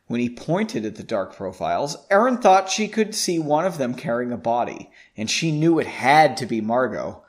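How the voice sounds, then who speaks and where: A man's voice: mid-range voice, very animated, normal speed, hardly any pauses. A man reading his own story aloud, breaking off for chatty, self-commenting asides.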